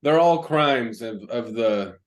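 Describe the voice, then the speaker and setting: A man's voice: medium pitch, lively intonation, slow pace. A man co-hosting a podcast in casual banter, stammering and laughing as he talks. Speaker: podcast co-host.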